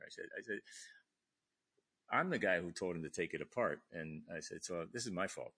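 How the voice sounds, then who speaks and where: An older man, a retired admiral, tells a story in conversation, acting out the people he quotes with sudden jumps in pitch. His delivery is animated and fast, with a sharp, slightly rough tone.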